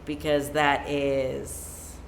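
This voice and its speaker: Speaking with a flat, gravelly delivery and drawn-out words, this medium-pitched musician chats loosely on a home live stream, peppering the talk with "like." A slight hiss or hum sits under the audio, and the room has a plain white backdrop.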